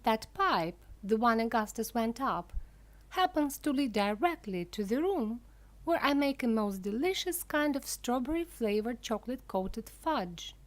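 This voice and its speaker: A woman's voice: a little high, sing-song, measured pace, voice pushed up. A woman voicing a playful, giggling eccentric man who makes candy, teasing and exclamatory.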